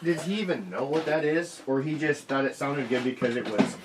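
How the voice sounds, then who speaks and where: A man's voice: on the high side, fairly quick, very noisy. A man co-hosting a casual beer chat, teasing his friend in a laid-back, wry way.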